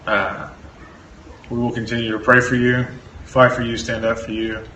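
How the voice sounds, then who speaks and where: A man giving a steady, sincere farewell to a friend, thanking him for his loyalty. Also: medium pitch, moderate pace. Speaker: church member. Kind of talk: farewell message. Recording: echoey, distant, faint noise.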